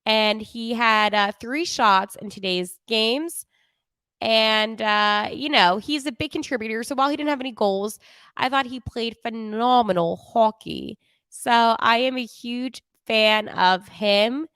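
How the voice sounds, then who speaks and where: A woman's voice: a little high, measured pace, a bit bright, clear, resonant tone, no echo, clean studio sound. A young woman with a New Jersey accent, hosting a casual hockey podcast in a chatty, self-deprecating way. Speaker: podcast host. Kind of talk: casual hockey recap on a livestream.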